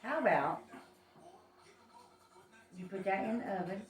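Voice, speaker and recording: A woman's voice: mid-range voice, animated, unhurried, roomy sound, far from the mic, soft background music. A woman chatting casually at home in the kitchen, persistent and coaxing.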